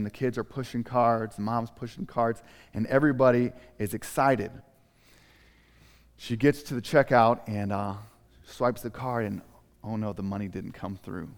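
A male preacher telling a story sermon in an animated, dramatic way. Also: medium pitch, in a large hall.

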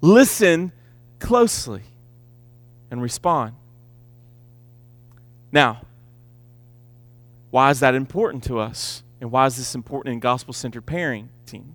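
A man preaching a sermon, emphatic, repeating key words and slowing down to stress his points. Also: medium pitch, bright, forceful tone, dry recording. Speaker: pastor.

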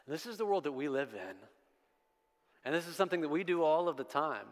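A man preaching a sermon, his emphatic delivery swelling on repeated refrains. His voice sits a little high for a man and rings out with a long reverb. It sounds like a church sanctuary. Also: sing-song, brisk. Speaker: pastor.

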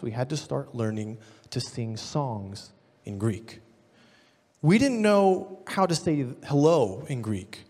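Man preaching in a reverberant hall. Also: medium pitch. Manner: animated storyteller, acts out shouting classmates. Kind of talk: storytelling sermon.

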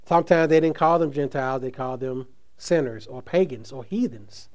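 A man preaching a sermon, speaking with slow emphatic stresses that trail off softly at phrase ends, with casual asides between. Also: medium pitch. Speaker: pastor.

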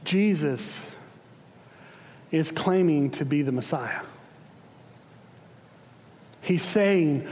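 A male pastor preaching a sermon, retelling a scene dramatically, swelling to passionate cries and sinking to a hush. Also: fairly high pitch, drawn-out words, pauses often, long reverb tail. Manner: building to impassioned shouts then dropping hushed.

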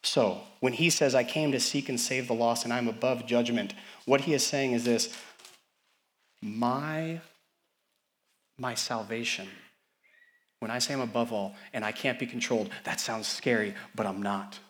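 A young adult man, a pastor, preaching a sermon with swings between loud, rising calls to the congregation and quiet, tender passages. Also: medium pitch, a little slow, pauses often.

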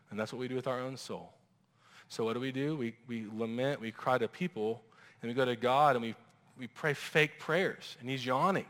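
A man preaching a sermon as a pastor, animated and acting out quoted voices. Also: medium pitch, moderate pace. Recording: long reverb of a large hall.

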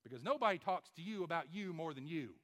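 A man's voice: fairly high pitch, expressive, fast. Emphatic man preaching a sermon. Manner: emphatic, rhetorical questions, swings from loud to soft. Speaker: pastor.

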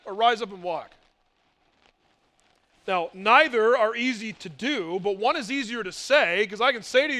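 A man's voice: sits high, lively intonation, moderate pace, pushed and bright. A male pastor preaching a sermon, emphatic, asking rhetorical questions and mimicking doubters.

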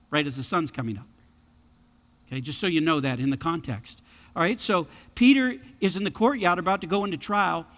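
A man preaching a sermon as pastor, animated and repeating his key words for emphasis. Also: sits high, long reverb tail.

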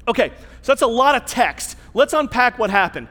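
A man's voice: very high voice, sing-song, moderate pace, hardly any pauses, a bit bright. A man giving a casual, chatty sermon and asking his listeners questions. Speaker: pastor. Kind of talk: conversational sermon. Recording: long reverb in a large hall.

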